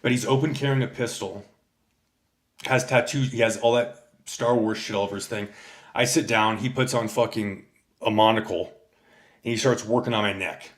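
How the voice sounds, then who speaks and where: A man's voice: on the low side, steady tone, normal speed, pauses often. A man livestreaming a casual rant, telling stories in a rambling, heavily profane way and answering his chat. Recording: echoey room.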